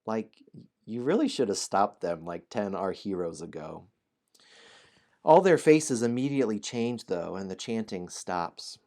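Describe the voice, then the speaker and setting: A man's voice: lowish voice, animated, unhurried, mellow. A man hosting a game stream, chatting playfully and apologetically with viewers and reading a story aloud, laughing often. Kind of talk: casual stream chat and storybook narration.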